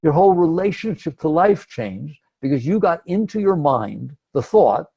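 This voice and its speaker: A man's voice: a little high, sing-song, moderate pace, vocal fry, dark tone, slightly rough, muffled recording. A man giving a conversational spiritual talk, emphatic and acting out inner thoughts. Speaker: spiritual teacher.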